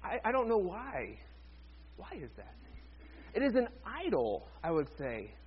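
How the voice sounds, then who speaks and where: A man with a high, husky voice preaches a sermon, chatting easily with the congregation and tossing in jokes along the way. The sound is dull and lo-fi. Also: wildly swooping pitch, unhurried. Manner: conversational, joking asides to the congregation. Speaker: pastor.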